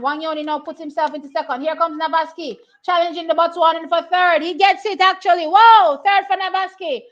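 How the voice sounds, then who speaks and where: A young woman talks through a track race as it happens. She sits high in her register, repeats herself and thinks aloud in a chatty, excitable way. The audio is slightly dull and lo-fi. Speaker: track and field watch-along host. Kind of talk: casual live race commentary.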